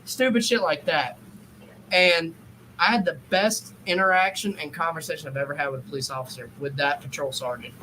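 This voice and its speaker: Casual podcast guy with a high, bright voice; animated, swears freely, plays every part in his stories. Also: brisk, slight background noise, rough recording. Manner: animated, profane, acts out quotes. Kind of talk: casual storytelling chat.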